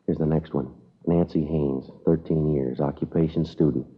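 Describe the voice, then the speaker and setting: A man's voice: extremely low pitch, fairly even intonation, moderate pace, breathy edge. A man playing a police detective who speaks in a clipped, matter-of-fact way, in an old radio drama. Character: stern, steady male police detective. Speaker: police officer. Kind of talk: 1950s radio drama acting. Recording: tinny old radio broadcast.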